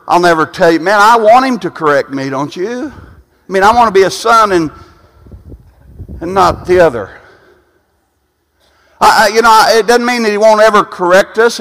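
Male preacher, high pitch, sermon delivery with stammered repeats, church hall reverb. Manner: repetitive, restarting phrases, rising to shouts at peaks.

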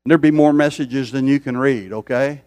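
A man's voice: mid-range voice, normal speed, darkish tone, clear, resonant tone, no echo. An older man preaching a sermon, repeating phrases for emphasis and building intensity as he speaks. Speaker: pastor.

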